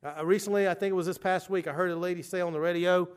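A man preaching a sermon, moving from quiet explanation to urgent, emphatic declarations. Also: high voice, steady tone, fast talker, few pauses, clear, resonant tone. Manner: emphatic, swings from quiet asides to urgent loud stresses.

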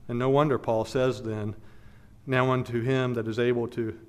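A man's voice: mid-range voice, little pitch movement, moderate pace, clear, resonant tone. A man preaching an expository sermon as pastor, earnest and emphatic, repeating key phrases, then leading a prayer.

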